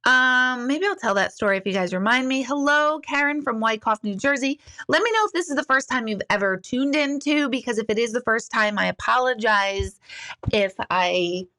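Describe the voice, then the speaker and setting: A woman's voice: on the high side, expressive, moderate pace, bright, forceful tone. A middle-aged woman chatting candidly on a live stream, slightly tipsy after a couple of glasses of wine, swearing casually. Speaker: livestream host.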